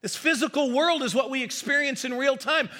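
Bright, high-voiced American pastor preaching. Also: male voice, brisk. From United States. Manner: conversational, self-deprecating asides, repeats words while building a point. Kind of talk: sermon. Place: church hall.

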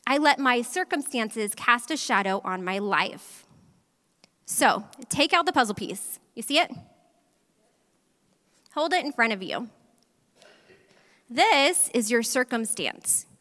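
High, bright woman pastor preaching. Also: slow, long pauses. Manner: animated storytelling, talks directly to audience. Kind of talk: sermon with personal story. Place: large church hall. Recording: long hall reverb.

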